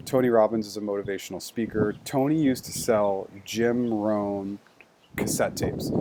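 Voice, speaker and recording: A man's voice: fairly low pitch, heavy background noise. A man giving a structured, conversational lesson on job interview skills, walking through numbered points. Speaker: career coach. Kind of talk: instructional talk on interview skills.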